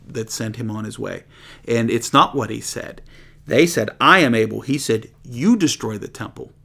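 A man's voice: medium pitch, vocal fry, a bit bright. A man preaching a conversational sermon, reading scripture aloud and explaining it in plain, chatty terms.

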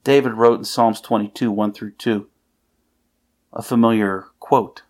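A man's voice: on the low side, fairly even intonation, measured pace, a little mellow. A man preaching a sermon, earnestly reading scripture aloud with emphasis.

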